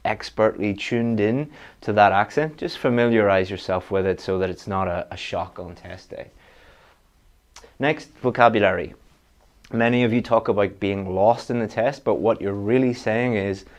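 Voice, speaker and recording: A man's voice: lowish voice, normal speed. A man giving a direct, practical online exam-prep lesson, with frequent restarts. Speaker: IELTS teacher.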